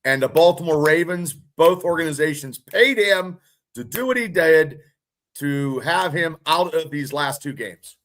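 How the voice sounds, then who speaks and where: A man's voice: on the high side, animated, unhurried, fairly bright tone. A man hosting a podcast in casual chat, blunt and joking as he tells stories. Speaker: podcast host.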